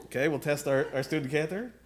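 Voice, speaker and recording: Man giving an earnest synagogue sermon. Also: a little high. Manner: earnest, measured, often asks the room questions. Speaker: rabbi. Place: synagogue sanctuary.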